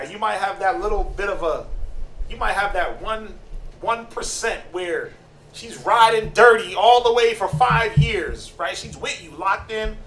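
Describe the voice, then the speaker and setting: A man giving a casual, slangy sermon-style Bible teaching, animated and conversational. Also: high-pitched. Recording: roomy, distant mic, faint noise.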